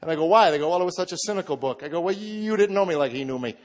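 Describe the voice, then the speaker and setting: A man's voice: fairly high pitch, expressive, racing. A man in his forties telling a heartfelt personal story to a live audience, acting out what others said to him. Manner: earnest storytelling, acts out quoted voices. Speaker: comedian giving testimony. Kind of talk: spoken testimony to a live audience. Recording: long hall reverb.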